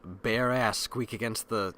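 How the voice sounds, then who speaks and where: A man's voice: on the low side, fairly even intonation, unhurried, fairly bright tone. A man in his thirties hosting a podcast, chatting casually, joking and swearing loosely. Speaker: podcast host. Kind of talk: casual chat.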